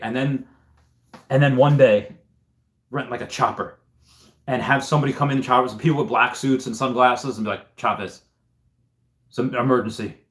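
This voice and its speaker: A man hosting a casual livestream, reading chat comments aloud and thinking out loud in a rambling way. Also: mid-range voice. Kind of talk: casual live-stream chat.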